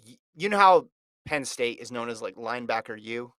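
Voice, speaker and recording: A man's voice: medium pitch, animated, normal speed, a bit bright, dry recording. A man hosting a casual sports chat, running a fantasy draft in a chatty, teasing way and reading out lists of picks.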